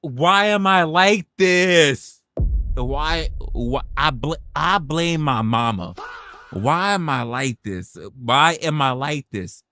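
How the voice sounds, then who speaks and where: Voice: medium pitch, lively intonation, slow, sharp tone, slight background noise. A livestreamer chatting casually with viewers, swearing, laughing and exclaiming.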